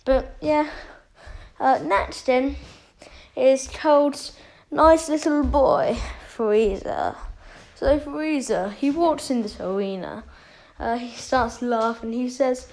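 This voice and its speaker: A woman's voice: sits high, slow, vocal fry, darkish tone, low-quality recording. A woman casually retelling a fan story, rambling with many fillers.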